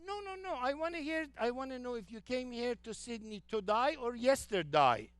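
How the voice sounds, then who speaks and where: A man putting on the high voice of a matter-of-fact Australian nurse who repeats her question insistently. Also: animated, moderate pace, a bit bright, clean tone, no room sound.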